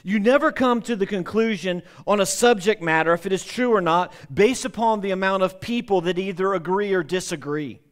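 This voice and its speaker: Emphatic preaching man, slightly high voice. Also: fairly quick, hardly any pauses. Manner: emphatic preaching with repetitions and restarts. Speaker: pastor. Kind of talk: sermon.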